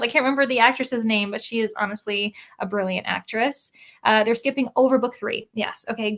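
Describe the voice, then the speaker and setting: A young adult woman hosting a casual live stream, chatting and reading out viewer comments with lots of "like" fillers. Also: on the high side. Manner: chatty, many "like" fillers, upbeat. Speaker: livestream host reading chat.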